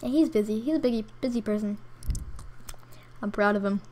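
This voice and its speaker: A woman's voice: mid-range voice, fairly quick, mellow, slight background noise. A woman giving playful, jokey commentary as a gaming YouTuber, with mumbled asides as she clicks around websites. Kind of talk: casual commentary while browsing.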